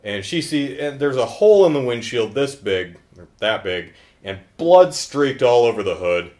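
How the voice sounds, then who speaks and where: Dude recapping a movie, dry jokey sarcasm, voice bouncing all over. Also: male voice, mid-range voice, big pitch swings, normal speed, darkish tone. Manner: sarcastic, joking retelling. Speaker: film reviewer. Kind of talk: casual film recap.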